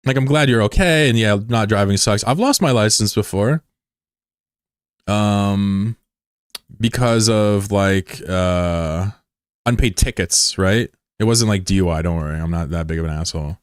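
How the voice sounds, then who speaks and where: A man in his thirties from the United States, chatting casually on a live stream with swearing and sudden high yelps of surprise. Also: unhurried, smooth, dry recording, clean studio sound. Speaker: game streamer.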